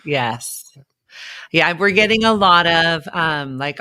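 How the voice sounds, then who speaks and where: A woman hosting a live online chat, telling stories in a chatty, animated way with quick asides. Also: deep voice, clean tone. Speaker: vlog host and former race contestant.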